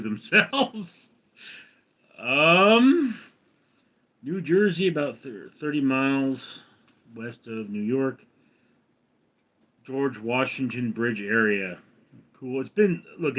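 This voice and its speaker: An American man hosting a livestream in a casual chat, reading viewer comments aloud and answering them in a rambling, halting way. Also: medium pitch, a bit bright. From United States. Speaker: livestream host.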